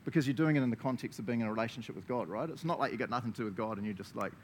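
New Zealand male preacher, animated sermon, mid-pitched voice, faint rumble behind. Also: rapid-fire. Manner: animated, laughing, acts out quoted voices.

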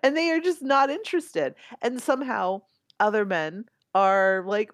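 A woman co-hosting a podcast, talking in an animated, opinionated way. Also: medium pitch, unhurried, no room sound, studio quality. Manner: animated and opinionated, laughs often. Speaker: podcast co-host. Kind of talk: casual podcast chat.

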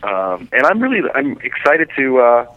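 A man's voice: medium pitch, big pitch swings, normal speed, dry recording, phone-quality sound. A man calling in to a radio chat as a film director, joking and self-mocking.

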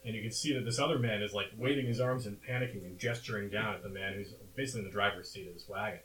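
A man's voice: on the low side, fairly even intonation, very fast, a bit bright, reverberant, far from the mic, poor audio. A man running a tabletop western game as game master, narrating loosely with many fillers.

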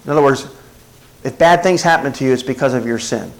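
A man's voice: mid-range voice, quick pace, low-quality recording. Man preaching a sermon. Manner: preaching with call-and-response asides to the congregation. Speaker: pastor.

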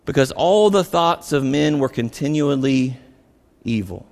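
A man preaching a sermon as pastor, animated, acting out the voices of biblical figures as he retells the story. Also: mid-range voice, measured pace, vocal fry, in a large hall.

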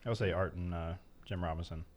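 A young man hosting a podcast in casual chat, relaxed and easygoing, dropping in quick reactions. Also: deep voice, slight background noise. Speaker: podcast host.

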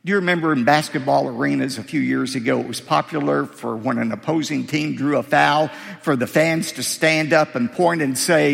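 A man's voice: fairly high pitch, expressive, moderate pace, gravelly, a bit bright. A man preaching a sermon as pastor from a podium in a church sanctuary, driving points home with emphatic rhetorical questions. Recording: long hall reverb.

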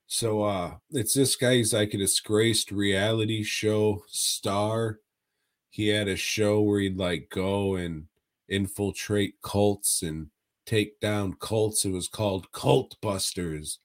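A man's voice: lowish voice, steady tone, slow. A man co-hosting a podcast, casually reviewing movies in a laid-back, profane way with frequent chuckles. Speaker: podcast co-host.

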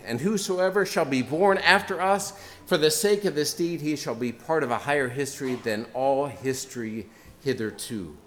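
A frantic, anguished madman crying out his questions in a raised, declaiming voice, as a preacher gives him voice. The pitch climbs well above an ordinary speaking voice, and the delivery stays impassioned throughout. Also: fairly bright tone. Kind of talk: dramatic reading within a sermon.

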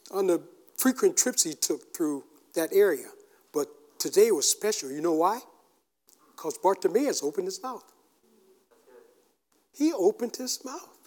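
A man preaching a sermon in a casual, conversational way, acting out quotes and breaking into shouts. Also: high-pitched. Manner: animated, shouts out acted quotes; casual, conversational with fillers and restarts. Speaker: pastor.

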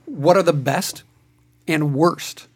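A man's voice: a little high, slow, darkish tone. Man asking questions in a slightly raised voice. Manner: brief interjections and questions. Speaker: podcast co-host asking questions. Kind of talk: casual chat.

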